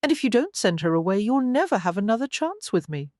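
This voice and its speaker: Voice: mid-range voice, very animated, quick pace, a little mellow, no echo, clean studio sound, voice pushed up, close to an everyday voice. The audiobook narrator voicing a demanding, indignant society woman in a historical romance. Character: cold flirtatious society woman. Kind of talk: audiobook character voice.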